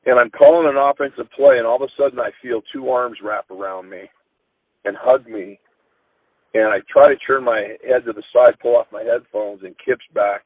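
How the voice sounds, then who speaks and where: Man, middle-aged, football coach, earnest halting storytelling, husky, dry phone-line audio. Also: medium pitch, no echo. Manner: earnest, halting, with frequent restarts. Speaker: high school football coach. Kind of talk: emotional storytelling in an interview. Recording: tinny phone-line sound.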